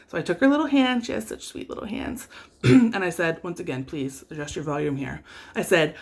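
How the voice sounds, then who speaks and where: A woman's voice: lowish voice, big pitch swings, fairly quick. A woman vlogging about parenting, with a wry, self-deprecating storytelling manner. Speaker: vlogger and mother. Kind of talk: casual vlog storytelling.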